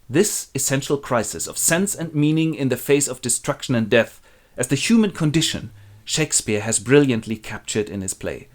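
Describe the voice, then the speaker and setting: A man narrates a comic retelling of a classic play, with wry, deadpan asides. His pitch sits in the middle but moves in lively swings. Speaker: host and narrator.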